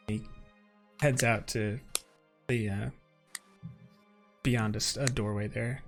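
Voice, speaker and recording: A man's voice: mid-range voice, fairly even intonation, slow, pauses often, music in the background. A man narrating as game master in a casual, rambling way, often laughing.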